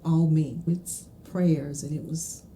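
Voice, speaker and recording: A woman's voice: low-pitched, steady tone, slow. A woman from the Mississippi Delta, a guest on a podcast, telling reflective stories with occasional laughter. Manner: reflective, warm storytelling with laughs. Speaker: guest, trial lawyer. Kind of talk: casual conversational interview.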